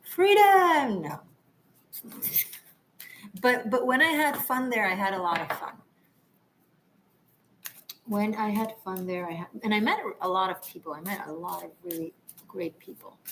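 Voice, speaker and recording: A woman's voice: medium pitch, animated, moderate pace, long pauses, fairly bright tone, a little hiss or hum, low-quality recording. Chatty woman tarot livestream host. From Israel. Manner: chatty, laughing, rambling asides. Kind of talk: casual livestream chat.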